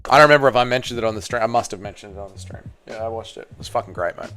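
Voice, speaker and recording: Smooth-voiced Australian man bantering on stream. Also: on the low side, rapid-fire, bright, forceful tone, faint music behind. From Tasmania, Australia. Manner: bantering, swearing, reading chat aloud. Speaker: livestream host. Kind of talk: casual livestream chat reacting to fights and chat.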